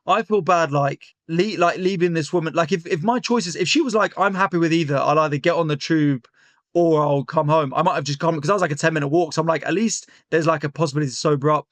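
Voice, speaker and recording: A young man tells a story in loose, animated chat, full of fillers and restarts. His voice sits a bit high for a man. The sound is dry and close. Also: fast talker, no room sound. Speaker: comedian guest. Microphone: remote call.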